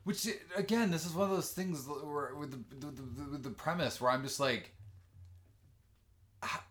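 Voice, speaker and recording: A man's voice: a little high, unhurried, a bit bright. A man co-hosting a podcast, chatting casually and joking in an exasperated way about a TV show. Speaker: podcast co-host. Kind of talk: casual chat recapping a TV episode.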